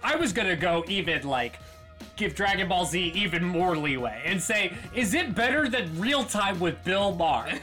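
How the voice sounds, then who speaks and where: Lively, bright-voiced storytelling man. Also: high-pitched, normal speed, faint music behind. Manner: storytelling, animated. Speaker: podcast co-host. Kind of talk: casual banter.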